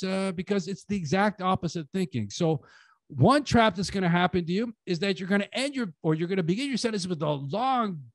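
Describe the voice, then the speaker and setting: High-voiced blunt male lecturer. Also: no room sound. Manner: blunt and joking, with slangy informal phrasing. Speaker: conference lecturer and English lector. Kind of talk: casual conference talk.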